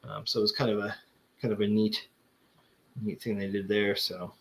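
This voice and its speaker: A man's voice: on the low side, little pitch movement, normal speed, vocal fry, fairly bright tone, slight background noise. A man hosting a casual chat, showing off comic books and rambling with lots of fillers and restarts. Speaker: comic collector host.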